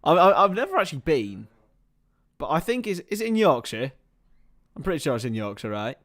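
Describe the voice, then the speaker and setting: A man in a slightly high register calls a football match live for his stream. He lurches from excitable play-by-play into loose, chatty asides and swears offhandedly. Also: brisk. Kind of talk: casual live match commentary.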